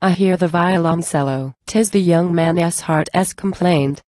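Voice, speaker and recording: A woman recites poetry in a measured, declamatory way. Her voice sits a little low and sounds mellow and dark, and the recording is close and dry with no room sound. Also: dry recording. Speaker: reader.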